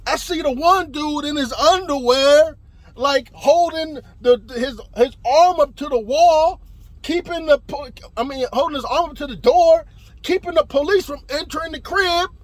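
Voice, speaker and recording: High-voiced man telling a wild story. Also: moderate pace, no echo. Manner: animated, swearing, rising to shouts. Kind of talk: casual spoken storytelling.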